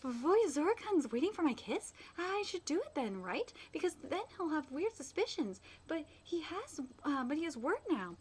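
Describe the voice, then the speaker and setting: Flustered shy young woman in love, as a woman reads her from a manga, stammering, high-pitched voice, lively swoops in pitch. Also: normal speed, few pauses. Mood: excited. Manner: stammering, nervous. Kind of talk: reading manga aloud.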